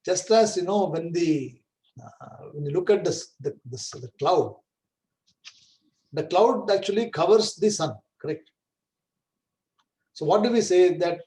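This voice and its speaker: Pausing often at a measured pace, a man with a high, expressive, mellow voice teaches Vedanta scripture on a rough recording. He takes his time explaining and asks "right?" or "correct?" to confirm everyone understands.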